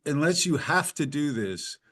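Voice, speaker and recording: A man's voice: a little high, very animated, a little slow, fairly bright tone. A man hosting a music industry panel, reading the chat aloud and giving practical advice in a casual way. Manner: advising, reads the chat aloud.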